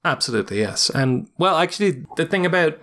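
A man's voice: a little high, expressive, fairly quick, a bit bright. Irish man explaining in casual chat. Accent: Irish, Dublin. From Ireland. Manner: thoughtful, explanatory, occasional chuckles. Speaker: guest.

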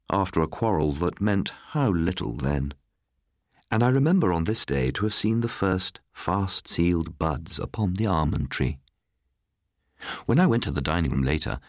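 A man with a low voice reads a story aloud, and his pitch rises and falls with feeling. He is recorded close and dry, with no room echo. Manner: expressive storyteller reading. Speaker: narrator. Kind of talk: scripted storybook narration.

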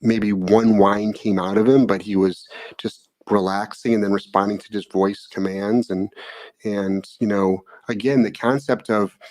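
A man hosting a live dog-training Q&A, answering in a calm, monotone, blunt way and swearing freely. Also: lowish voice, no echo. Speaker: dog trainer and show host. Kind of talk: casual live Q&A.

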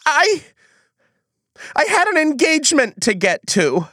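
A woman's voice: high voice, wildly swooping pitch, measured pace, a bit bright, no echo, clean studio sound. A woman acting in a comedy sketch, whiny and melodramatic, with folksy old-timey phrasing.

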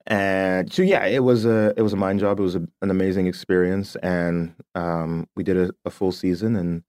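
A man's voice: deep voice, steady tone, moderate pace, a little mellow, no room sound, clean studio sound. A man, a puppeteer, chatting casually as an interview guest, talking with many fillers and restarts and laughing often.

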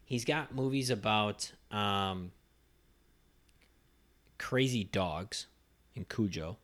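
Rambling man with a bright tone. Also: on the low side, very slow. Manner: rambling, filler-heavy. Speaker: podcast co-host. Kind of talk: casual podcast chat.

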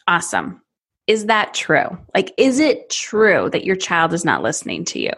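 Her voice sits on the low side and is slightly rough, moving at a moderate pace. This thirtysomething parenting coach speaks animatedly on a podcast, performing small scenes in various voices.

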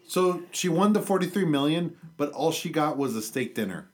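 A man's voice: on the high side, expressive, moderate pace. A man co-hosting a loose, crude podcast chat. He reads strange news items aloud to his friends and breaks into laughter often. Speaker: podcast co-host. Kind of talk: casual chat, reading news stories aloud.

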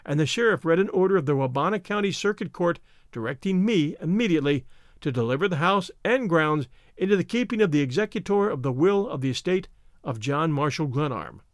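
A man narrating an audiobook in an expressive storytelling manner. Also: fairly high pitch, no echo, clean studio sound. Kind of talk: audiobook reading.

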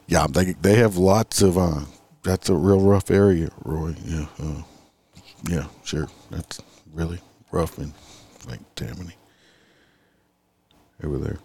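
Deep-voiced sarcastic man ranting. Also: unhurried, darkish tone. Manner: sarcastic, profane, rambling. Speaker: livestream host reading crime news. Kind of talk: casual commentary chatting with viewers.

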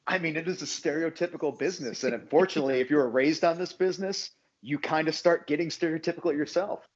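A man's voice: fairly high pitch, fast talker. Man, American, interview guest, jokey, self-deprecating, dull recording. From USA. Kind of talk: casual interview.

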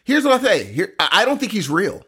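A man's voice: sits high, very animated, quick pace, fairly bright tone, husky. A man co-hosting a podcast, chatting and joking in a playful, sing-song way. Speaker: podcast co-host. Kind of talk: casual podcast banter.

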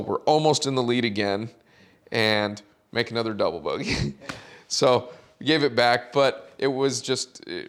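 A man who works as a caddie, telling a story in a podcast chat and acting out the quotes with animated delivery. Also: on the low side.

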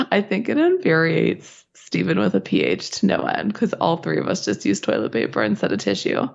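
A woman co-hosting a podcast, husky and stuffed up from a sinus infection, chatting casually, swearing and laughing often. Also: low voice, huge pitch swings, normal speed. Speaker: podcast co-host. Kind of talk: casual chat. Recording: dull lo-fi sound.

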